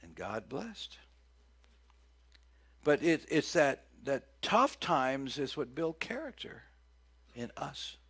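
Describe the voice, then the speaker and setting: A man's voice: medium pitch, very animated, takes it slowly, pauses often, husky. Folksy middle-aged man preaching a sermon. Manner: folksy, tells homespun jokes, big loud swings for quoted cries. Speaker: pastor.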